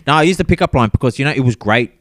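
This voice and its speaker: A man chatting casually as a podcast co-host, his pitch rising and falling a lot as he talks. He laughs often and easily, and the sound is close and dry with no room around it. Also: lively intonation, racing, fairly bright tone, dry recording. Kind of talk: casual banter.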